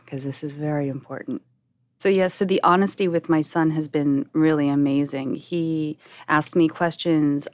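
A woman's voice: deep voice, darkish tone, no echo. A middle-aged woman hosting a podcast, speaking in an open, reflective and chatty way. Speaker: podcast host. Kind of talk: candid personal talk.

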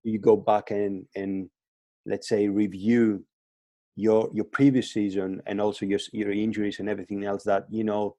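Low, mellow man on a remote call. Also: level tone, moderate pace, no room sound. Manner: hesitant, many restarts and repeated words. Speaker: guest fitness coach. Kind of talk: casual podcast interview. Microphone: remote call, line breaking up.

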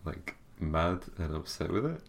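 A young man with a very deep voice and heavy vocal fry, co-hosting a podcast. He chats casually, stumbling and repeating himself as he hunts for his words. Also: very animated, measured pace, a little hiss or hum. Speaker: podcast co-host. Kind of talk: casual chat.

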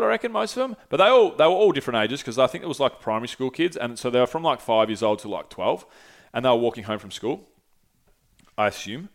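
A young man hosting a podcast, telling a travel story in a rambling, sweary, animated way. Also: medium pitch. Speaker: podcast host. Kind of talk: casual solo storytelling.

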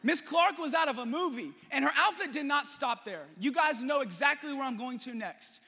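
A young male pastor telling a story in a lively, joking sermon to his church. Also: extremely high pitch, moderate pace. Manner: animated, jokey, talks to the congregation. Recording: long hall reverb.

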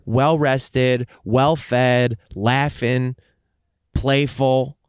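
A man's voice: mid-range voice, steady tone, extremely slow, clear, resonant tone, dry recording, studio quality. A man talking candidly in a casual monologue, rambling with fillers and frequent swearing.

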